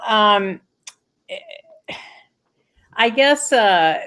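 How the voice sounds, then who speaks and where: Gravelly-voiced woman hosting a talk show. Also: medium pitch. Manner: earnest, thinks aloud in rushed bursts with restarts. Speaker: host. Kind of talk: reflective conversational interview.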